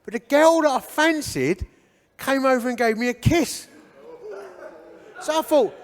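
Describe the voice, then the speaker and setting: A man's voice: extremely high pitch, unhurried, long pauses. A man in his fifties from England, telling his life story at a church, acting out the voices of people he met. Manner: animated storyteller who acts out what people said. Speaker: guest speaker giving his life story. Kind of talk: church testimony talk. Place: church hall with an audience. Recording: reverberant church hall.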